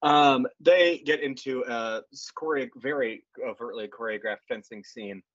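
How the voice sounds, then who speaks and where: A man's voice: mid-range voice, a little slow, no room sound. Man, podcast co-host, casual movie recap, rambling, jokey, profane, dry close sound, slightly dull audio. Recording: dry, muffled lo-fi call audio.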